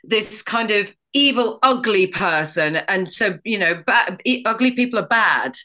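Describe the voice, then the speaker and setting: A woman's voice: mid-range voice, animated, unhurried, sharp tone. A middle-aged woman stage actress chatting as a podcast guest, enthusiastic and full of asides and restarts. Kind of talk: casual podcast chat.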